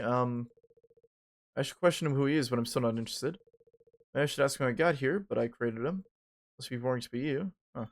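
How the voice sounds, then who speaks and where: A man giving casual, offhand commentary while playing a game, swearing now and then. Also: mid-range voice. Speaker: gamer.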